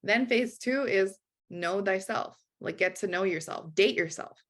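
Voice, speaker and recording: A woman life coach telling a personal story in an animated way, acting out quoted voices and often saying "like". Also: medium pitch, measured pace. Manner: acts out quoted voices, frequent "like".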